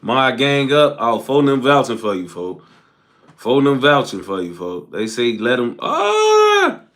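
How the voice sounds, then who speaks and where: A young man on a casual live stream, reading viewer comments aloud and ending phrases with a low trailing "folks.". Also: unhurried, a bit bright.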